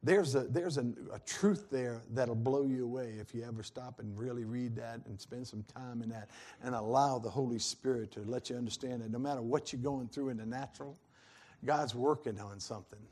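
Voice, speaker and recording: A man's voice: medium pitch, normal speed, darkish tone. A man preaching a sermon in a folksy, earnest way that swells into fervent peaks.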